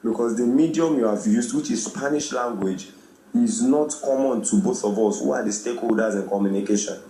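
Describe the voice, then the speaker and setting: A man, presenting a radio talk on communication and acting out the greetings he quotes. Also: brisk. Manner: animated, acts out quoted greetings with rising pitch. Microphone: studio microphone. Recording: echoey room, faint background noise.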